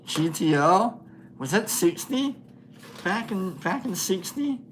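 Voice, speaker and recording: A man's voice: high voice, sing-song, slow, slight background noise. A man hosting a casual livestream, chatting with viewers while he paints, laughing often and thinking aloud with many fillers. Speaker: livestream host.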